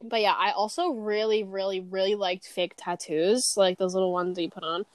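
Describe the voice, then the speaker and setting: A young woman in casual chat, telling animated stories with giggles, swearing and acted quotes. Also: medium pitch, normal speed, dry recording.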